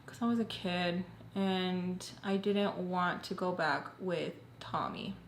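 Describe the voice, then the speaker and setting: A woman's voice: fairly low pitch, steady tone, takes it slowly. A young woman vlogger telling a personal storytime in a casual, chatty way, often saying "like". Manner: chatty, fills talk with "like". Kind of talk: storytime narration. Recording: roomy echo, faint hiss.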